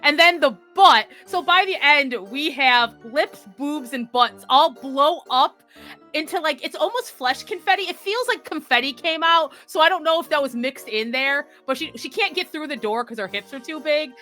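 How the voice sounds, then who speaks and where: Bright, high-voiced enthusiastic woman. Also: animated, normal speed, soft background music. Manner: enthusiastic, laughs often. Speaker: co-host, film reviewer. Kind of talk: casual movie review chat.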